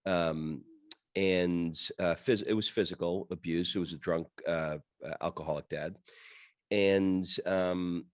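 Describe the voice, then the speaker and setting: A man in his fifties hosting a podcast, asking halting, thoughtful questions with many restarts. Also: low voice, fairly even intonation, dry recording, clean studio sound. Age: 50s. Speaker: podcast host. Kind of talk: interview questions and conversation.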